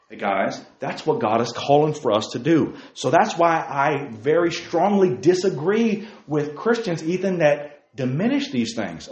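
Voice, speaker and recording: A man leading a Bible study in a fiery preaching style, emphatic, firing off rhetorical questions and leaping to near-shouts. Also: a little high, sing-song, normal speed, hardly any pauses. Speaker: Bible teacher. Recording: roomy, dull lo-fi sound.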